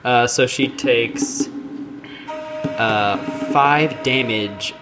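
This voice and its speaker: A man of middling pitch plays a tabletop game, laying out his character's actions in a slow, deliberate way. Music sits clearly in the background. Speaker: player. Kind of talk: casual tabletop game play.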